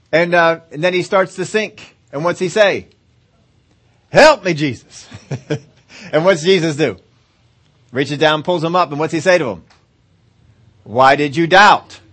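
Casting: middle-aged male preacher, slightly high voice, easygoing sermon delivery that breaks into mock-pleading prayers. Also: a bit bright. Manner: conversational, chuckles often, acts out whiny prayers.

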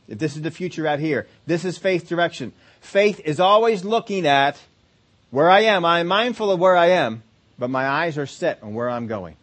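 A man preaching a sermon, emphatic, slowing down to stress key phrases and acting out quoted complaints. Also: high-pitched, fairly bright tone. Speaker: pastor.

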